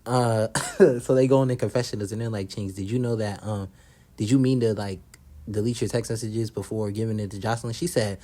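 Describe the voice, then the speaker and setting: A man's voice: fairly low pitch, steady tone, a little fast, dark tone. A young man casually recapping a reality show, blunt and profane, gossiping and acting out what the cast said.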